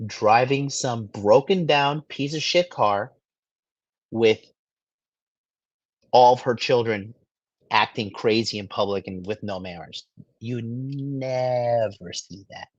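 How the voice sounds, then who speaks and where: Crude cocky guy reacting to clips, mid pitch, kinda dull muffled sound. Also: slow, long pauses, no echo. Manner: profane, mocking, swaggering. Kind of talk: crude casual commentary.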